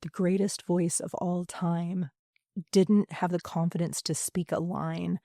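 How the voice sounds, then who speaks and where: A woman who teaches high school theatre, speaking earnestly and emphatically in a podcast interview, with many fillers and pauses. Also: flat delivery, warm tone, no echo, clean studio sound. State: emotional.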